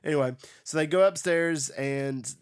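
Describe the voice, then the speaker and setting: A man's voice: a little high, moderate pace, clean tone, no echo, studio quality. Casual young man recapping a show. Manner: relaxed, recaps scenes, quotes lines playfully. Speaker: podcast co-host. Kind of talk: casual chat.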